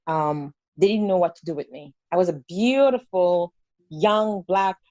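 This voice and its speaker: A woman's voice: fairly low pitch, measured pace, warm tone, no echo. A woman in her thirties from Haiti with a Haitian accent, telling her story as an interview guest with emphatic repetition. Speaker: interview guest, festival founder. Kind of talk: casual interview conversation. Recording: dull, muffled, dry audio.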